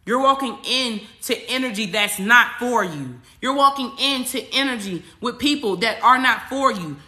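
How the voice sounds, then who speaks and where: A woman spiritual coach hosts a casual astrology livestream, speaking straight to her viewers with emphasis, repetition, slang and swearing. Her fairly high voice is pushed and bright, with lively intonation, normal speed and few pauses.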